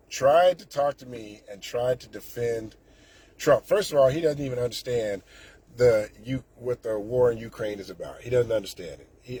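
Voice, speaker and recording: A man's voice: medium pitch, darkish tone, slight background noise. A man, ranting indignantly and sarcastically as a political commentator, with frequent restarts. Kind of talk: casual political rant.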